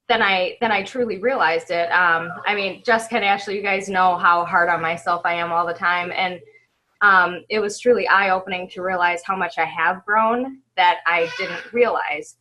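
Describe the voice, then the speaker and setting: A woman on a video call giving a heartfelt, halting recap of an event from home, stopping often to apologize. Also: medium pitch, sharp tone, low-quality recording. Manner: emotional, halting, tearful at times, apologizes often. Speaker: event attendee sharing a recap.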